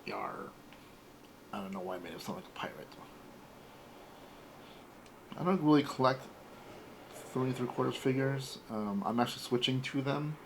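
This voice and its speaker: A man in his forties hosting a casual toy unboxing, talking in a relaxed, rambling way. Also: medium pitch, brisk, noisy background. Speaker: toy collector host.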